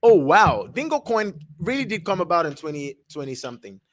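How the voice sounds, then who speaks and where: A young man talks through a crypto chart on a livestream in a casual, rambling way, reading web text aloud haltingly and correcting himself as he goes. His voice sits a bit high, and the close mic leaves it dry with no room sound. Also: huge pitch swings, vocal fry, no echo. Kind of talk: casual thinking-aloud screen review.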